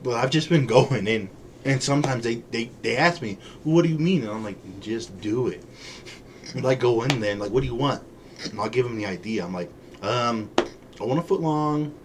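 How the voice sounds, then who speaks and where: A man co-hosting a podcast, chatting casually and telling lively stories, acting out the people he quotes and laughing often. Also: medium pitch, moderate pace, background noise. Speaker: podcast co-host. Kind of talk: casual chat.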